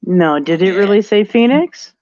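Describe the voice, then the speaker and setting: A woman's voice: medium pitch, animated, darkish tone, no echo. Woman co-host, joking, dull lo-fi audio. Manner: joking, quick to protest. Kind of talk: casual live stream chat.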